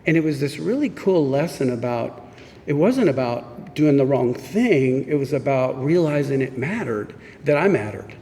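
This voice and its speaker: A man's voice: medium pitch, big pitch swings, normal speed, warm tone. Candid man telling his story in an echoey hall. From Missouri. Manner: candid, self-mocking storytelling that acts out quoted exchanges. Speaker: speaker at a recovery meeting. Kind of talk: personal recovery story told to a meeting. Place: meeting room. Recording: echoey hall with faint background noise.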